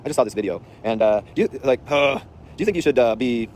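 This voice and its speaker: A man's voice: mid-range voice, expressive, quick pace, darkish tone, a little hiss or hum. Sped-up rambling man on the street. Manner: rambling and offhand, with slang and restarts. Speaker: vlogger. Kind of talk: casual rambling storytelling. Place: outdoors on a city street.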